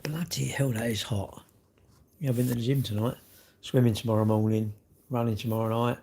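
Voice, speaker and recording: A man's voice: mid-range voice, fairly even intonation, fairly quick, warm tone, slight background noise. A middle-aged man hosting a casual livestream, chatting bluntly and jokingly with viewers as he reads their comments. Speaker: livestream host.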